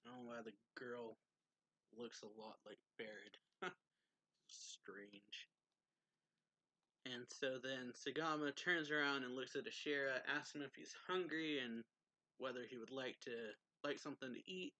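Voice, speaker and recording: A man recaps a manga chapter in a loose, chatty way, laughing often as he goes. His voice is bright and forward, and the sound is dry and close with no room around it. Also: medium pitch, fairly even intonation, measured pace, no room sound, low-quality recording. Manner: chatty, laughs often, reads dialogue aloud. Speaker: manga reviewer.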